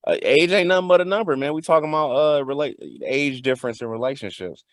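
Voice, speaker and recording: A man's voice: fast talker, dry recording, clean studio sound. A man with a Southern US accent hosting a casual chat, teasing his guest and laughing often. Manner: teasing, laughs often, lively swings in pitch. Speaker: host.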